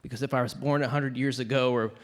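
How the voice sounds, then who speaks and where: A man from the audience telling a personal story, hesitant and emotional, with many pauses. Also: medium pitch, steady tone, big-room sound. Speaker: audience member sharing a story. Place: large conference hall.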